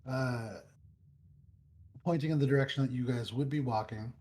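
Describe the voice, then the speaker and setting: A man's voice: mid-range voice, normal speed, a little mellow. A man narrating a tabletop game as dungeon master, describing the scene with frequent ums and uhs. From United States.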